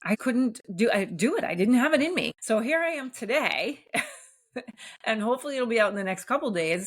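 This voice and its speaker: A woman hosting a solo podcast, talking candidly and gently encouraging listeners, with frequent restarts and soft laughs. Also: a little high, animated, moderate pace. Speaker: podcast host. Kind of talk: solo reflective podcast talk.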